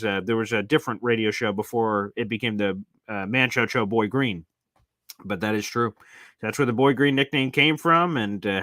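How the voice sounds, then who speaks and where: Bright-voiced man telling rambling stories. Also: mid-range voice, no room sound. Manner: rambling storyteller, jumps into detours; acts out quotes with voices and sound effects. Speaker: sports talk host. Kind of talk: live sports reaction chat.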